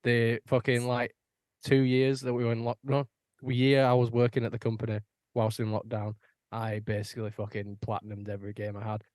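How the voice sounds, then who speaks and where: A man from Britain, a podcast host, chatting casually and telling stories with plenty of swearing and lively quoted voices. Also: mid-range voice, a little fast, no room sound, studio quality. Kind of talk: casual chat.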